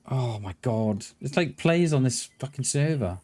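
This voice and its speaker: Excitable male game streamer chatting. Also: mid-range voice, measured pace. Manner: excitable, stutters and restarts, swears casually, chats to viewers. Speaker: livestreamer. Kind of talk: casual live-stream chat while gaming.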